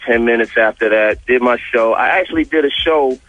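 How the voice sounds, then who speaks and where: A man tells a story as a radio guest, acting out the voices of both sides as he goes. His voice sits at a middle pitch, and the audio is dull and slightly muffled. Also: fairly quick, no echo. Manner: animated retelling, acting out both sides of the exchange.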